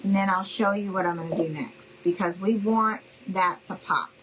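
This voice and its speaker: A woman's voice: mid-range voice, steady tone, normal speed, a little hiss or hum, poor audio. A woman hosting a live crafting demonstration, chatting with viewers, saying y'all and asking okay? as she works. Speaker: craft tutorial host.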